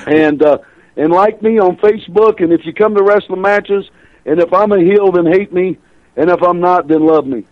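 An older man spinning chatty stories as a radio guest, laughing as he goes. His voice sits a little high for a man. The line sounds dull and muffled, dry and close. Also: moderate pace, no room sound. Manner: chatty storyteller, laughs through his tales. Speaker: guest, professional wrestler. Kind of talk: radio interview storytelling.

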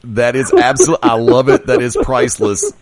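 A man's voice: huge pitch swings, normal speed, a loud crowd. A man hosting a radio wrestling show, reacting with enthusiasm and announcing the break. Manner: enthusiastic, booming announcer delivery.

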